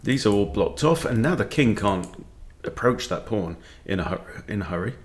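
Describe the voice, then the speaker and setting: A chess coach talks himself through a live game and mutters his moves half under his breath. His voice sits low but keeps swinging up and down. Keyboard clicks sound softly behind him. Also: lively intonation, normal speed.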